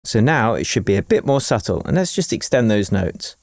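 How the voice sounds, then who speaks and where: A man's voice: fairly low pitch, big pitch swings, fairly quick, vocal fry. Upbeat man explaining music production. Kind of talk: step-by-step tutorial. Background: faint piano and synth music.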